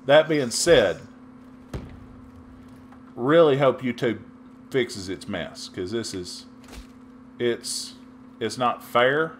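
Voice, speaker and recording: A middle-aged man from Texas giving casual, rambling commentary over his gameplay, chatty with sudden loud outbursts. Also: mid-range voice, expressive, very slow, pauses often, a little hiss or hum. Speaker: gaming YouTuber.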